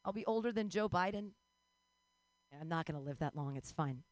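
Expressive and moderately paced, a woman in her forties works through a self-deprecating, rambling stand-up routine, with sudden high yelps and laughter and no echo.

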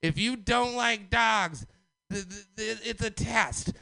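Male open-mic comic, loud manic ranter, high and bright, unhurried delivery. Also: creaky, no room sound. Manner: loud, manic, conspiratorial ranting. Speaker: stand-up comedian. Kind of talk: open mic stand-up set.

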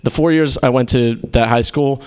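A man's voice: medium pitch, normal speed, a little mellow, clean tone. A young man from California doing a stand-up set in a small venue, rambling, swearing often and laughing at his own jokes. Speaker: stand-up comedian. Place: small comedy venue with a live audience.

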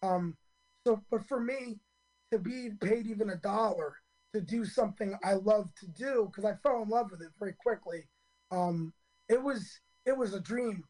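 Hoarse man in his fifties, rambling. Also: high-pitched, darkish tone, poor audio. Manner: earnest and rambling, many ums and restarts. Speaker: stand-up comedian guest. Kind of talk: radio interview storytelling.

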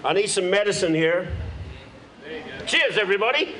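A man's voice: high-pitched, animated, normal speed, noisy background. A man with a London accent doing a stand-up comedy set on a club stage, brash, profane and self-mocking, talking into a handheld mic. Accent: London English. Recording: echoey club with loud audience.

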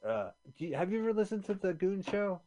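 A man's voice: sits high, big pitch swings, fast, mellow. A man co-hosting a casual podcast chat, animatedly retelling a film and swearing casually. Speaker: podcast co-host.

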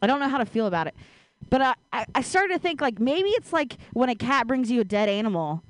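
A woman performing a self-deprecating stand-up set, deadpan, laughing between jokes. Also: fairly high pitch, quick pace, dry recording. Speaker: stand-up comedian.

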